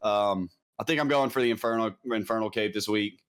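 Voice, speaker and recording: A man's voice: lowish voice, a little fast, a bit bright, clear, resonant tone. A man speaking as a podcast guest, telling his story in a candid, blunt, casual way and often tossing in "man". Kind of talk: casual conversation.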